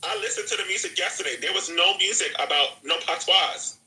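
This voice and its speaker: A man's voice: high-pitched, a little fast, sharp tone. Ranting profane man in an echoey room. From Jamaica. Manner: profane, repetitive, talks over himself. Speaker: host of a live audio room. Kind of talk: animated rant.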